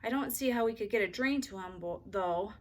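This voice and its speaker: A woman's voice: mid-range voice, a little fast, close to an everyday voice. A woman voicing a neighbor boy, plain and matter-of-fact, in a storybook read-aloud. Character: easygoing neighbor boy with a dog.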